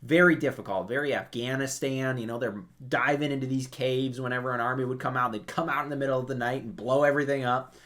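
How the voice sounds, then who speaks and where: A man giving casual history commentary, telling stories in an animated way and acting out quotes. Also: mid-range voice, fast, few pauses. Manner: animated storytelling, acts out quotes.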